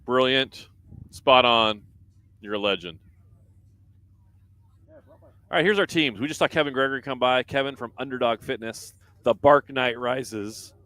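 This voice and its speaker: A man's voice: medium pitch, normal speed, bright, forceful tone, no echo. A man doing live race commentary from a booth, reading out team standings and viewer comments in a chatty way.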